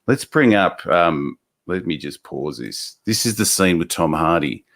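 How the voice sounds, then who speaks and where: A man's voice: low-pitched, expressive, a little slow, creaky, fairly bright tone. A man hosting a live show, rambling and sarcastic in casual chat. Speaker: host.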